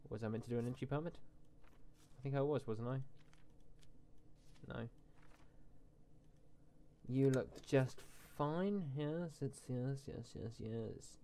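A man's voice: mid-range voice, takes it slowly, pauses often, mellow, a little hiss or hum. A man hosting a casual let's-play, reading game text aloud and adding mock asides in a jokey tone. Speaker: gaming channel host.

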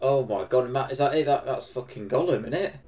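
A man with an English Midlands accent reacting to a film, excitable, swearing and laughing often. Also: mid-range voice, a little fast, soft background music. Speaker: reaction video host. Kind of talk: casual reaction commentary.

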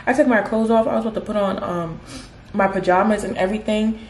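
A woman in her twenties chatting casually in a vlog while she gets ready at home, with animated, slangy, dramatic storytelling. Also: mid-range voice, fast, slight background noise. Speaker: vlogger. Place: at home doing makeup. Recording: roomy echo.

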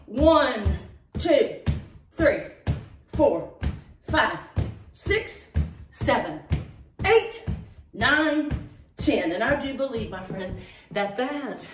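A breathless woman counts her class through leg reps, her lively voice swinging high and low in a playful sing-song. She sits back from the mic in a roomy, echoing space with a faint hiss underneath, and her counting runs slow and unhurried. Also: far from the mic. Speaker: fitness instructor. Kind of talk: leading a home workout class.

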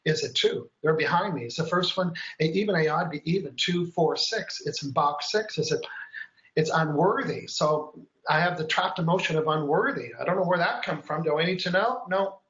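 A man's voice: fairly high pitch, lively intonation, moderate pace, a bit bright, reverberant, highs cut off. A man hosting a live stream, chatty and upbeat, explaining each step and counting aloud as he demonstrates. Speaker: host.

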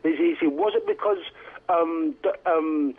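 A man's voice: on the high side, wildly swooping pitch, unhurried, gravelly. A man calling into a talk radio show, talking emphatically and rambling with many restarts. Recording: phone line on radio.

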